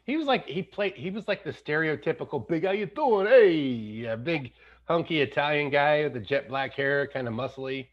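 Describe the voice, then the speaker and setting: A man in his fifties hosting a casual podcast chat, animated, slipping into jokey accent impressions. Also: a little high, moderate pace, highs cut off. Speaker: podcast host.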